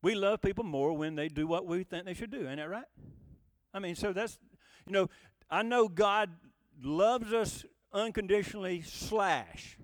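A man's voice: sits high, measured pace, dry recording. A male pastor preaching a conversational, folksy sermon, asking the congregation rhetorical questions. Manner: folksy, emphatic.

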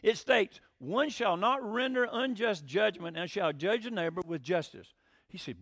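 A man's voice: high-pitched, animated, normal speed, fairly bright tone, dry recording, clean studio sound. A man teaching the Bible in a folksy, conversational sermon, asking rhetorical questions and acting out quotes. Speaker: preacher.

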